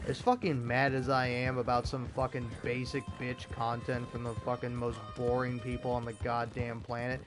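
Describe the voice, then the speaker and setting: A man's voice: medium pitch, completely flat delivery, moderate pace, hardly any pauses, over music. A young American man ranting with heavy profanity and stammered restarts while commenting over gameplay. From United States. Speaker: gaming YouTuber.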